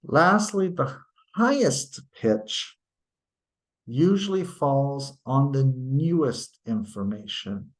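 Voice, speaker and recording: This male teacher's voice is mid-range and expressive as he delivers a recorded lecture at a slow, deliberate pace. Patient explanations come with tag questions, and he breaks off to perform sample sentences that demonstrate intonation.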